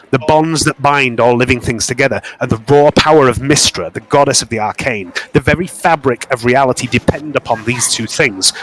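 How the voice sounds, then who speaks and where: A man narrating a tabletop game as game master in a slow, dramatic, descriptive way. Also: medium pitch, fairly bright tone, poor audio.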